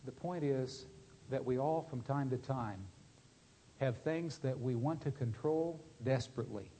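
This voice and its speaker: A man preaching a sermon, reading a story aloud and then speaking plainly to his listeners, earnest and at times dropping his voice low and soft. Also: unhurried, slight background noise.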